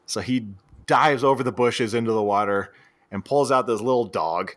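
A man's voice: mid-range voice, normal speed. A man co-hosting a podcast, animatedly recapping a film scene by scene and acting out the characters' lines. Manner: animated retelling with acted-out quotes. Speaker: podcast co-host. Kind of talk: casual film recap chat.

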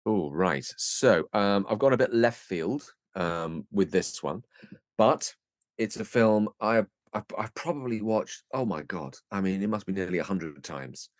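A man, a guest actor on a podcast, chatting casually and telling a lively story, slipping into comic voices. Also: lowish voice, a little slow, no echo, studio quality.

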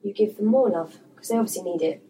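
An English actress chatting casually on a podcast, telling stories and acting out the people in them. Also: female voice, mid-range voice, quick pace, far from the mic. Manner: chatty storyteller, acts out quoted voices. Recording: noisy room, voice away from mic.

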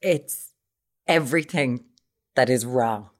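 A woman from Limerick with an Irish accent, co-hosting a casual chat podcast, animated and mocking. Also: a bass voice, slow. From Limerick, Ireland. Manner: animated, mocking, mimics others. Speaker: podcast co-host.

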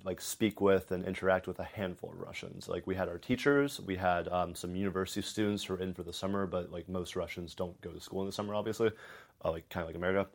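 A man's voice: low-pitched, steady tone, fast talker, creaky. A young man from Ohio, an interview guest, talking casually with lots of fillers and laughter. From Columbus, Ohio. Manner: rambling, laughs often, many fillers.

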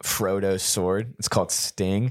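A young man co-hosting a podcast, chatting casually and telling stories with plenty of swearing, jumping into high voices when excited. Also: a little slow, no echo, clean studio sound. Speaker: podcast co-host. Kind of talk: casual chat.

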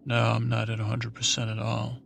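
A man's voice: mid-range voice, completely flat delivery, brisk, gravelly, a bit bright, a little hiss or hum. A man voicing a glum 1970s disco superhero who mopes and sighs with laid-back slang.

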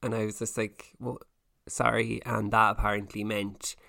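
A man's voice: on the low side, little pitch movement, creaky, pushed and bright, dry recording. A man co-hosting a podcast, joking casually and teasing his co-host. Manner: playful, jokey, reads aloud haltingly. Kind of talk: casual chat.

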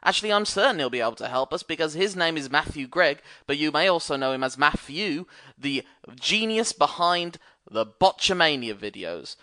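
A man's voice: a little high, sing-song, normal speed, bright, forceful tone, no echo. A man in his thirties co-hosting a podcast, opening with theatrical, jokey patter. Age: 30s. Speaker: podcast co-host. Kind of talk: casual podcast chat.

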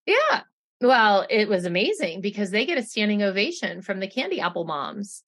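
A woman's voice: mid-range voice, big pitch swings, moderate pace, a bit bright. Young woman, podcast co-host, casual recap chat, blunt, swears, laughs a lot.

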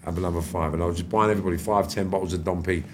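A middle-aged podcast guest tells stories in a casual interview, talking rapid-fire in a low-pitched voice. He's animated, acting out conversations full of slang and swearing. Slight background noise is present.

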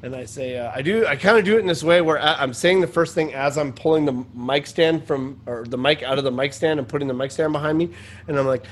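A man who is a stand-up comedian and podcast host, telling an animated, rambling story in casual chat. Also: mid-range voice, fairly quick.

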